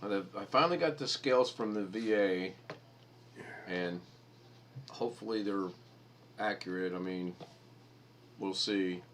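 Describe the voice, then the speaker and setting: A man's voice: measured pace, long pauses, a bit bright, slight background noise. A middle-aged man hosting a live stream, chatting casually and bluntly, acting out the people in his stories. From United States. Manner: blunt storyteller, mimics people in high voices. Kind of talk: casual chat.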